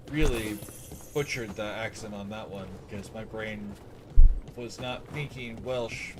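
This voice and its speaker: A man chatting casually while he plays a game on a livestream, rambling with lots of fillers. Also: mid-range voice. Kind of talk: casual gameplay commentary. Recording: loud background noise.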